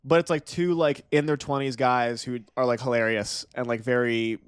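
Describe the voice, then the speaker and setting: A man's voice: mid-range voice, steady tone, moderate pace, clean tone, no echo, clean studio sound. Rambling young man, lots of "like". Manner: rambling, filler-heavy, many "like"s. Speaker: podcast co-host. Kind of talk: casual chat.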